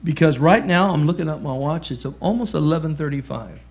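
A man's voice: a little high, fairly quick, highs cut off. A man preaching a sermon as pastor, emphatic, repeating key phrases and calling out to the congregation.

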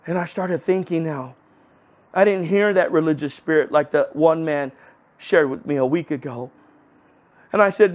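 High-voiced man telling his testimony. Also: expressive. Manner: earnest, halting, with restarts. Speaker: testimony speaker. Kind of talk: personal testimony storytelling. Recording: dull lo-fi recording.

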